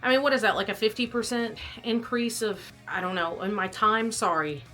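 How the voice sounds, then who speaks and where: A woman's voice: fairly high pitch, moderate pace, bright, forceful tone, soft background music. A young woman vlogging casually about her fitness test, chatty and rambling, coughing and out of breath. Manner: chatty, rambling, self-deprecating.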